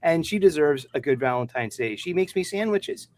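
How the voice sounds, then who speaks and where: A man's voice: on the high side, animated, normal speed, a little mellow, no echo. Boastful laughing guy on a panel. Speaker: podcast panelist. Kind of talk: casual chat.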